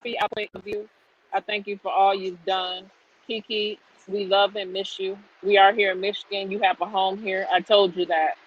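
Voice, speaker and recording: A woman's voice: mid-range voice, slight background noise. A woman speaking as the aunt of a missing woman, making a tender, pleading appeal over a choppy video call. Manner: tender, pleading, soft-spoken. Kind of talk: emotional personal appeal. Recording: dull lo-fi video call line.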